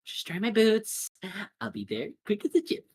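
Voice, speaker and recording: A woman's voice: medium pitch, very animated, normal speed, darkish tone, slight background noise, voice pushed up, lightly acted. A woman voicing a cruel villainess who mocks a wounded man in a breezy, dismissive way. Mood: mocking.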